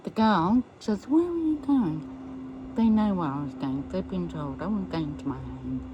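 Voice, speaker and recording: A woman's voice: low voice, expressive, highs cut off, background noise. A woman recounting a personal ordeal as an interviewee, acting out what others said to her. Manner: slow recounting that acts out quoted speech. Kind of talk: personal storytelling.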